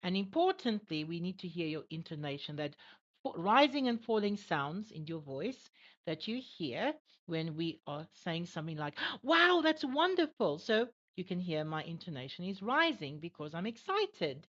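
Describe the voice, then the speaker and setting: Woman tutor with a lively up and down voice, kinda low, muffled lo-fi audio. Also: moderate pace. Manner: animated, encouraging, many "all right" and "okay". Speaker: IELTS examiner and tutor. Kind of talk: online English lesson. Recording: dull lo-fi audio.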